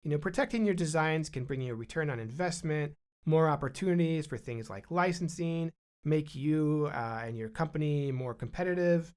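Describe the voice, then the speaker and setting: A man speaking as a guest expert in a podcast interview, relaxed and conversational, with frequent fillers and restarts. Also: a little high, moderate pace, clean tone. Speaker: guest expert on design protection.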